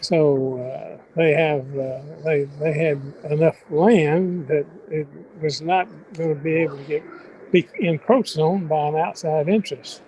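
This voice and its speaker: An older man with a Southern accent, a guest reporter on a radio sports show, talking in a folksy, unhurried, self-deprecating way. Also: a little high, fairly even intonation, warm tone, slight background noise, rough recording. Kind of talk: phone-in radio chat.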